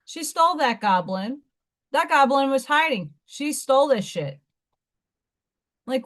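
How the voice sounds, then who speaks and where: A woman's voice: high-pitched, lively intonation, a little slow, pauses often, a bit bright. A woman hosting a live stream, chatting casually in a rambling way with blunt asides. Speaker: livestream host.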